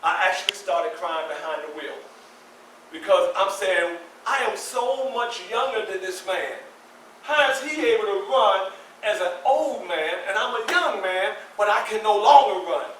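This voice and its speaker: A high-voiced, bright older man in his sixties tells a personal story live to an audience, acting out the scenes as he goes. He sounds like he is in an echoey room, caught by a distant mic with faint ambience behind him. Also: unhurried, a little hiss or hum. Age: 60s. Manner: animated, acts out scenes with voices and shouts. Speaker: featured storyteller. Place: community center hall.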